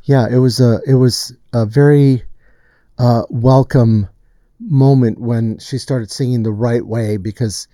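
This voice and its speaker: A man's voice: medium pitch, unhurried, dry recording. A man who produces music, telling a studio story in casual chat and acting out the lines he quotes. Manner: animated storyteller, acts out quotes.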